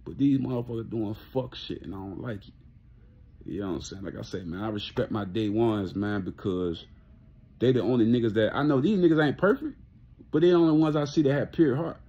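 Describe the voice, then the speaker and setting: A man's voice: mid-range voice, a little fast, husky, lo-fi sound. A man ranting casually to camera, blunt and profane, often repeating himself and laughing. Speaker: vlogger.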